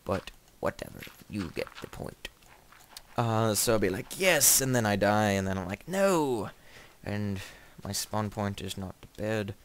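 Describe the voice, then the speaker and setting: Young male gamer, slightly low voice, rambling joking commentary, startles easily. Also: steady tone, normal speed, slight background noise. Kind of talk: casual let's play commentary.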